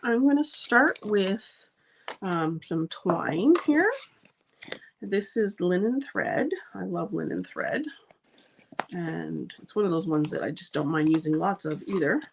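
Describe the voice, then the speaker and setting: A woman's voice: on the low side, animated, slow, vocal fry, a little hiss or hum. A woman hosting a live card-making demonstration, chatty and gushing, with frequent ums as she works. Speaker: card-making channel host.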